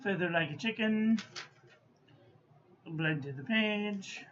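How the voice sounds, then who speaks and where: A woman's voice: mid-range voice, takes it slowly. Chatty woman muttering over a paper test. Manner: chatty, mutters to herself, playfully scolds. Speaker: stationery reviewer. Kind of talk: casual review commentary. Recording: dull lo-fi audio with faint background noise.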